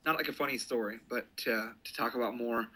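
A man in his thirties chatting casually on a podcast, with a very bright, tense edge to his voice. He sounds laid-back and dry, and his jokes come out deadpan. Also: medium pitch, fast. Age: 30s. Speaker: podcast co-host. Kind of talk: casual chat.

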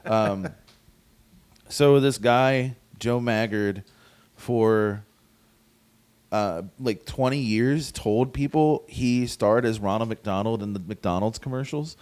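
A man chatting casually on a podcast, animated and swearing freely as he tells a strange story. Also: fairly low pitch, takes it slowly. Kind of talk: casual chat.

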